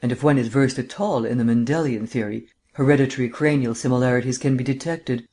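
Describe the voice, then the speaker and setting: A man's voice: medium pitch, fast, darkish tone, natural voice. A man reading aloud as a languid, erudite male amateur detective with a drawling, mannered, lecturing manner. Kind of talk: audiobook character reading.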